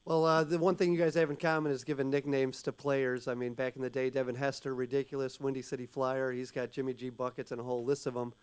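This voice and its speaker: A man co-hosting a podcast, asking a relaxed question. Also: mid-range voice, fast, hardly any pauses, clean tone. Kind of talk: casual interview questions.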